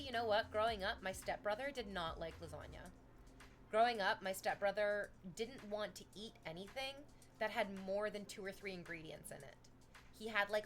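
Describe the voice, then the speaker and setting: A young Canadian woman chatting casually on a livestream, telling stories in an animated way and swearing often. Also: mid-range voice. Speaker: streamer chatting with chat.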